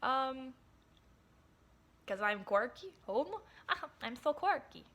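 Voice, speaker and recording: With a high, sing-song, slightly bright voice, this young woman talks slowly to her phone camera at home. It's a casual vlog monologue, and she rambles, swears a lot, and keeps restarting sentences.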